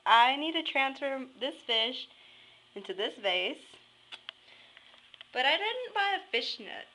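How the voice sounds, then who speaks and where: Excitable woman vlogger, high and very animated, bright tone, chatty casual delivery. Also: takes it slowly, slight background noise, rough recording. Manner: excitable, squealing and nervous giggling. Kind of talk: casual vlog narration.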